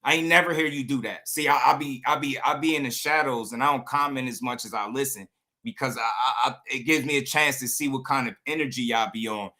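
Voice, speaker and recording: A man's voice: mid-range voice, brisk, pushed and bright. A man hosting a boxing livestream channel, talking in a heated, blunt, slangy way and often repeating himself. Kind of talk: livestream commentary rant.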